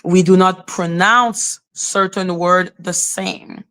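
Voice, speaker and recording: A woman's voice: on the low side, fairly even intonation, takes it slowly, a bit bright, clean tone. A woman whose first language is French, from Haiti, streaming live and ranting in an exasperated, profane, lecturing way, repeating herself. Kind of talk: heated casual rant.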